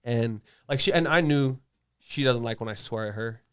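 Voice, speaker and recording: A man's voice: medium pitch, moderate pace, fairly bright tone, slight background noise. A man telling a personal story in casual podcast chat, blunt and laid-back, with lots of fillers and swearing. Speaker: tattoo artist guest.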